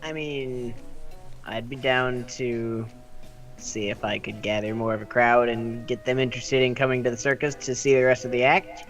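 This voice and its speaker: A man's voice: mid-range voice, steady tone, normal speed, fairly bright tone, faint music behind. A man playing a tabletop game, asking questions hesitantly with many fillers. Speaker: player. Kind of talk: casual tabletop game chat.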